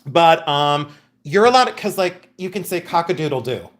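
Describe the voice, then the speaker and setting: A man's voice: on the high side, expressive, normal speed, fairly bright tone. A man hosting a live-stream jewelry sale. He tells bawdy stories, laughs often and calls viewers by name. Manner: chatty, laughing, bawdy storyteller; addresses chat viewers by name. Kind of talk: casual live-stream sales chat.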